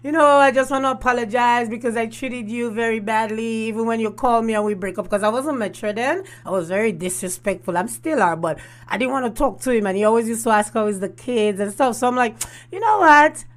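A woman's voice: on the high side, brisk. A woman, hosting a casual storytelling vlog and laughing often. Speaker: host.

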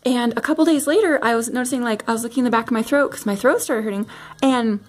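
A young woman vlogging a casual rant to camera at home, animated and giggly with lots of fillers. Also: fairly high pitch, quick pace. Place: home, near bathroom.

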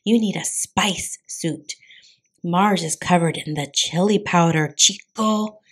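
A woman's voice: on the low side, takes it slowly, breathy edge. A woman voicing the smallest male chihuahua of a gang, a cheeky, laid-back character who drawls slangy lines with mock Spanish flourishes.

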